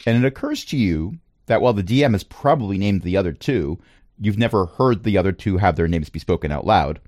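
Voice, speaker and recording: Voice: deep voice, expressive, brisk, darkish tone, no room sound, clean studio sound. A game master narrating the adventure and hosting the stream, with a wry, playful manner.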